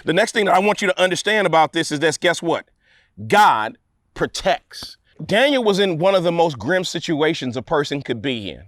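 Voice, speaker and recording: Lively high-voiced preaching man. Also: dry recording, clean studio sound. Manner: preaching with call-and-response repetition and dramatic pauses. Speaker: pastor. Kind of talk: sermon.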